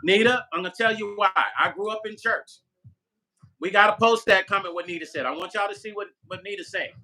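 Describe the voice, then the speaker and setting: Fairly quick, with a high, pushed, bright voice, an older musician vlogger livestreams casually. He reads viewer comments, jokes around, and talks right to his chat.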